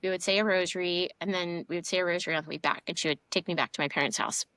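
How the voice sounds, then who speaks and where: A woman's voice: fairly low pitch, very fast, clean tone, no room sound. Chatty young woman telling a story. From Houston, Texas. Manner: animated storytelling with frequent fillers. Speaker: podcast guest. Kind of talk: casual conversational testimony.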